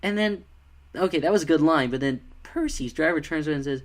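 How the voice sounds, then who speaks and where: A man's voice: medium pitch, lively intonation, a little fast. A man giving a casual spoken review of a fan film, rambling and critical with many fillers.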